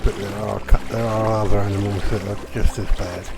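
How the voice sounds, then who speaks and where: Low-voiced wry man playing a game. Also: little pitch movement, fairly quick, vocal fry, heavy background noise. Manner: wry, self-mocking, chatty asides. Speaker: gamer. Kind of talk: let's play commentary.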